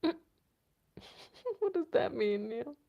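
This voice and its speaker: A woman's voice: fairly high pitch, expressive, takes it slowly, creaky. A woman hosting a casual livestream, playfully chatting with viewers and reading their comments aloud. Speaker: livestream host. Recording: dull lo-fi stream audio.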